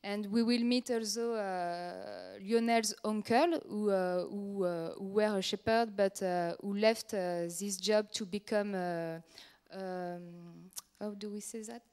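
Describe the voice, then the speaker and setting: French-accented woman pitching a film. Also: fairly even intonation, a little mellow, clear, resonant tone. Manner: halting, many fillers and restarts. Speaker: film producer pitching a project. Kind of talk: project pitch at a workshop.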